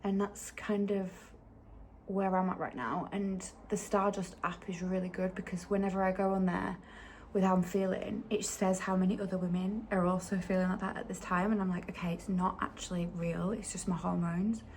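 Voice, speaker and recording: A woman in her thirties talking casually to her camera in a diary-style vlog, chatty and openly emotional, sometimes dropping to a hushed near-whisper. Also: lowish voice, flat delivery, moderate pace, slight background noise. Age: 30s. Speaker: vlogger. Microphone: handheld camera.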